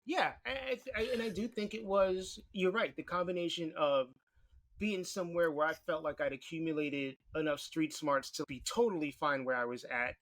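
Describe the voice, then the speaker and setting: A man's voice: fairly high pitch, fairly bright tone. Candid male interview guest from New York. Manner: candid, quick bursts, swears casually. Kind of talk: conversational interview.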